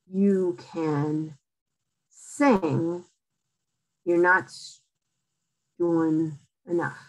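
A woman giving a library lecture at a slow, deliberate pace. She coaches in short, emphatic phrases and keeps checking in with her listeners. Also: medium pitch, rough recording. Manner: direct, coaching, frequent "okay?" checks. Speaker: lecturer on aging in place. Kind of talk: public library talk.

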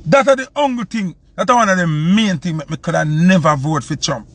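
Man, Jamaican accent, live-stream host, heated emphatic rant, bright sharp tone. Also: high-pitched, a little fast, no room sound. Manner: heated, emphatic, repeats phrases.

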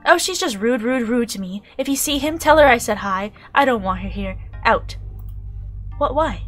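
A woman voicing a chirpy, petulant young café worker in a game, bubbly and loud. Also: on the high side, lively intonation, moderate pace, soft background music.

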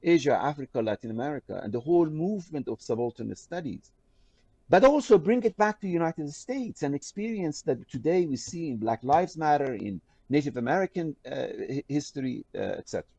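An older professor from Iran talks with passionate, emphatic force, often restarting his sentences. His voice sounds dark and a little husky. The sound is close and dry. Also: fairly quick, no echo. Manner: passionate, emphatic, with restarts and lively pitch swings. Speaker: professor, interview guest. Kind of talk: animated scholarly discussion.

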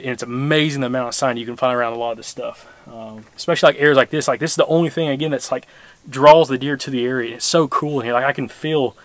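A man hosting a hunting channel, talking excitedly and rambling through a field scouting walkthrough outdoors on a wooded bluff. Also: medium pitch, no room sound. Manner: excited, rambling, repeats words.

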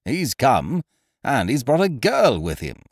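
A man playing a loud, swaggering young fight manager from a storybook. His talk is hearty and boastful, full of grand schemes. His pitch swings widely, and the recording is close and dry. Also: wildly swooping pitch, unhurried, breathy edge, no room sound, full character voice. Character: exuberant, blustering young male boxing manager.

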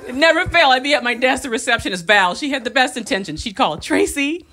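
A woman stand-up comedian performing a live set on a club stage, moving between loud punchlines and quiet asides. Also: on the high side, fast talker. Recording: live club recording, audience laughter and noise.

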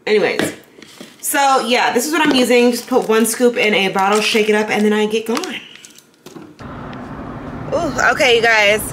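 A woman's voice: a little high, lively intonation, noisy background. A young woman vlogging in a casual, chatty, upbeat way, talking to her viewers on a handheld camera as she goes about her day. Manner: chatty, upbeat, quick asides. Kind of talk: casual vlog chat. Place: home, then car and store.

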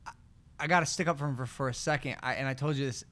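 A man's voice: mid-range voice, racing, fairly bright tone. Teasing, argumentative male podcast host. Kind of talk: casual podcast chat.

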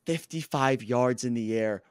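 A hoarse man who has lost his voice, co-hosting a casual podcast and bragging excitedly about his football team. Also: medium pitch, unhurried, no room sound, studio quality. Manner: excitable, boastful sports fan. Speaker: podcast co-host; coach. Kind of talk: casual sports chat.

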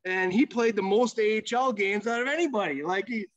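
A man's voice: high voice, fairly quick, a bit bright, no echo. Profane rambling man, dull lo-fi audio. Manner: profane, rambling storyteller with many fillers. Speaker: podcast guest, former hockey goalie. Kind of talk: casual storytelling chat.

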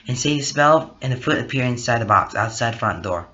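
A man's voice: mid-range voice, fairly quick, hardly any pauses, bright, forceful tone. A man narrating a homemade story in a plain, unpolished casual reading. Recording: dull lo-fi recording.

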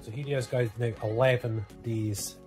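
A man's voice: mid-range voice, fairly even intonation, normal speed. Chatty man vlogging over music. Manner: chatty, keeps addressing viewers as guys. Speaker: family vlogger and father. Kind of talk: casual vlog chat to viewers. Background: background music.

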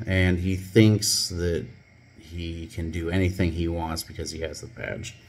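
A man's voice: low voice, measured pace. A man, a former police officer, casually telling a story from his old job in a wry, conversational way. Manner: conversational, wry, many fillers. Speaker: scuba channel host, former police officer.

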